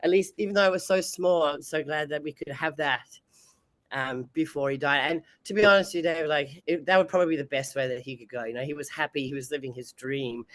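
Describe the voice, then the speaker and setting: Speaking quickly in a low-sitting voice, a female bodybuilding competitor talks casually as a guest in an interview, with frequent laughter between her sentences. There is no echo.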